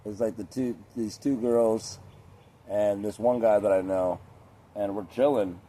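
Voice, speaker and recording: A man's voice: fairly low pitch, fairly even intonation, unhurried, warm tone, slight background noise. A young man rambling casually in a laid-back, profane, chatty way with lots of fillers.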